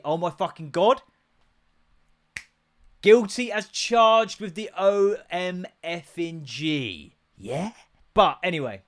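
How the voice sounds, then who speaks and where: A young English man hosting a podcast, ranting in a casual, sweary way that jumps from topic to topic. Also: on the high side. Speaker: podcast host.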